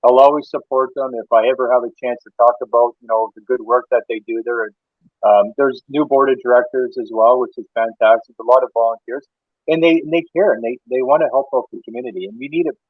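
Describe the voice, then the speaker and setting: A man's voice: mid-range voice, steady tone, fast, no room sound. A Canadian man, an interior designer, telling rambling anecdotes in a casual interview, with many restarts. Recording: tinny phone-like line, dry.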